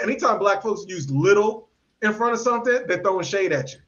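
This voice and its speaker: A man's voice: high voice, fast, highs cut off. A man hosting a podcast, giving opinionated commentary and acting out voices of people he quotes. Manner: animated, acts out quoted voices. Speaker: podcast host. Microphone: podcast mic.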